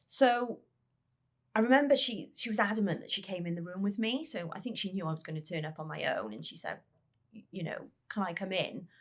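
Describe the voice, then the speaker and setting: A woman who is the parent of a child with a brain injury, telling her story in a podcast interview in a halting way, repeating words and acting out the dialogue she recalls. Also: mid-range voice, expressive.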